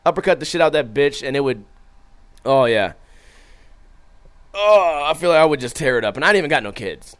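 Young male streamer, loose profane chat, lively swoops, slightly high voice. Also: fairly quick, pauses often. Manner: profane, animated, acts out his own stories. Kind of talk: casual chat reading viewer comments.

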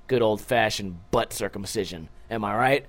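A man's voice: fairly low pitch, normal speed, a bit bright. Profane rambling young man podcasting. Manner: loose, profane, rambling and joking. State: tired from little sleep. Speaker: podcast host. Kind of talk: casual solo podcast chat.

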